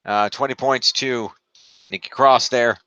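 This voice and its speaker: A man's voice: mid-range voice, fairly even intonation, a little slow, bright, forceful tone, clear, resonant tone, dry recording, lo-fi sound. A man co-hosting a casual podcast, rambling and tallying up points as he talks. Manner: rambling, counts points aloud, trails off while looking things up. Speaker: podcast co-host scoring a fantasy league. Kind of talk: casual chat.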